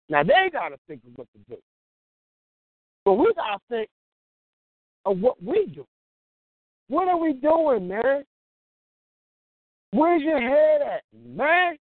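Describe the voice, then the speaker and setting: A man's voice: extremely high pitch, big pitch swings, a little slow, pauses often, dry recording. Man preaching over a tinny line. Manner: conversational, exhorting, laughs between points. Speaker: lay preacher. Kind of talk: informal sermon-style monologue. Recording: tinny phone-like dry line.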